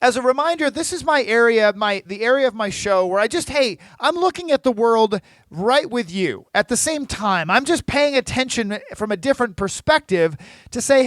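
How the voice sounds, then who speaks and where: A man's voice: very high-pitched, animated, normal speed, fairly bright tone, no room sound. A man hosting his own podcast as a financial planner, chatting casually and often tagging "right?" onto his points. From United States. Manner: chatty, keeps asking "right?". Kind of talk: casual solo podcast talk.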